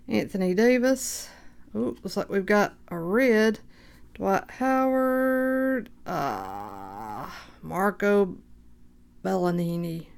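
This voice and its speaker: A woman hosting a card break, calmly reading out player names and getting excited at good pulls. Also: medium pitch, vocal fry. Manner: unhurried, reads names aloud, bursts of excitement. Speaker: card shop host opening packs. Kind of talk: casual card-breaking commentary.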